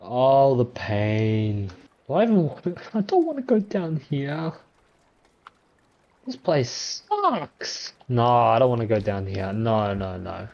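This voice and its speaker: A man giving gameplay commentary, reacting loudly and talking to the creatures he meets on screen. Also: medium pitch, lively intonation, a little slow, creaky, dull audio. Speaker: gameplay streamer.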